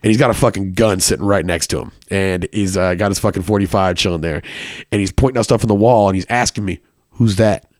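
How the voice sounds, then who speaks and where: A man's voice: sits low, fast, darkish tone, no echo, studio quality. A man telling a personal story casually, with lots of swearing and filler words.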